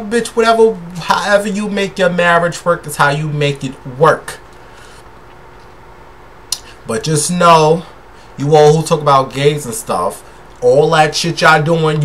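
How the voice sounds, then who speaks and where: A man's voice: mid-range voice, fairly bright tone, a little hiss or hum. A man, a tipsy gossip vlogger talking in a sassy, brash, profane way straight to his viewers. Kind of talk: casual celebrity gossip rant.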